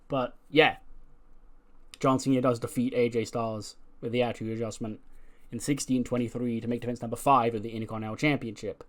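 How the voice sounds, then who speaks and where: A man narrating a game playthrough in a loose, chatty way, full of fillers and asides. His voice sits at a middle pitch. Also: steady tone, fairly quick. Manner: chatty, filler-heavy, laughs at own jokes. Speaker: let's play narrator.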